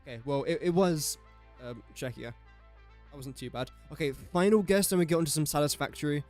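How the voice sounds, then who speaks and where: Young English male streamer, fairly high voice, chatty and self-deprecating, soft music under him. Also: brisk. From England. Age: young adult. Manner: chatty, self-mocking, mutters while guessing. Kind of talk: casual live-stream commentary.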